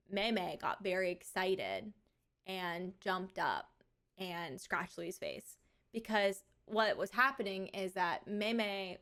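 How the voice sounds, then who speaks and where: Young woman, casual chat, streamer, chatty storytelling, medium pitch. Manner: chatty storytelling, animated quoted asides.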